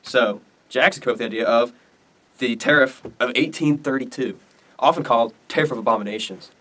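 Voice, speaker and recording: A man's voice: mid-range voice, fairly quick, pushed and bright. Teen guy rambling through a history lesson, chill slangy vibe, kinda far from mic. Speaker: student presenter. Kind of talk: casual history explainer.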